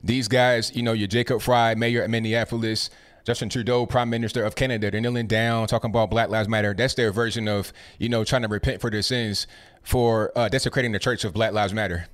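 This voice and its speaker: A man hosting a call-in talk show, agreeing quickly with callers and moving the lines along. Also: lowish voice, steady tone. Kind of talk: casual talk radio chat.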